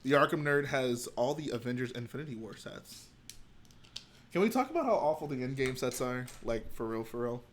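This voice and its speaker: A man's voice: medium pitch, expressive, brisk, a little hiss or hum. A man hosting a livestream at home, chatting casually and thinking aloud as he builds. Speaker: livestream host. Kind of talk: casual chat while building.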